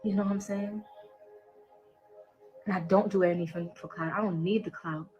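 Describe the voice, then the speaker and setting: A woman's voice: medium pitch, steady tone, moderate pace, highs cut off, soft background music. A woman in a played social media clip, ranting in a boastful, profane and emotional way and affirming herself. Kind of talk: social media live rant.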